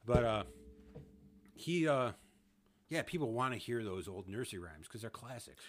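A man in his thirties with a medium-pitched voice and lively intonation tells a story at normal speed on a casual podcast he hosts. He laughs often, swears, and acts out what people said.

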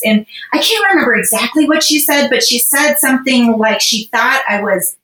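A woman's voice: a little high, animated, moderate pace, hardly any pauses, bright, forceful tone. A woman guest on a podcast, telling a personal story in a casual, rambling way with lots of fillers. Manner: rambling, emotional, heavy on fillers. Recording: roomy echo.

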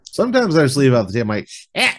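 A man's voice: medium pitch, sing-song, rapid-fire, raised voice. A man hosting a podcast, chatting casually and jokingly, swearing freely as he rambles. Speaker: podcast host. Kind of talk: casual chat.

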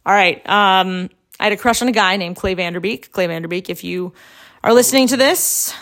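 A young woman co-hosting a casual podcast, chatty and quick to laugh. She talks in a loose, rambling way, full of fillers and restarts. Her voice sits at an ordinary middle pitch for a woman. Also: a bit bright. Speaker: podcast co-host.

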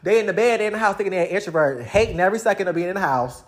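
A woman speaks at a racing clip in an expressive, medium-pitched voice. She's a vlogger ranting casually to camera, talking directly to her audience with blunt, profane, slang-filled language.

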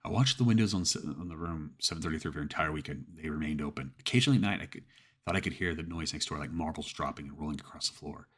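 A man reads a creepy first-person horror story in a steady, storytelling manner. His voice is very deep and sits low. It has a husky, slightly rough grain. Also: fast talker. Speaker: narrator. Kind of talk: scripted horror story narration.

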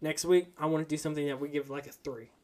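A man's voice: on the high side, fairly even intonation, fast talker, a little mellow. A man hosting a podcast in casual chat, teasing his guest in a dry way. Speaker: podcast host.

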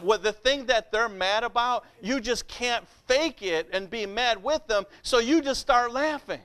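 A pastor preaching a sermon in a conversational style, often asking the congregation "Amen?" and asking for their response. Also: male voice, very high-pitched, sharp tone, clear, resonant tone.

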